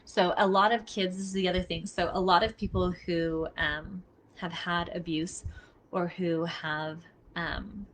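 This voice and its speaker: Outdoors near traffic, a middle-aged body mapping teacher gives a casual live talk, earnest and emphatic as she addresses listeners directly. Her voice sits on the low side, with slight background noise.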